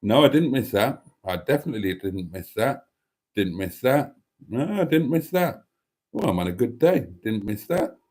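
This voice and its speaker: A man's voice: mid-range voice, sing-song, normal speed, darkish tone. A man hosting a casual live stream, reading chat messages aloud and chatting in a self-deprecating way. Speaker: livestream host reading chat.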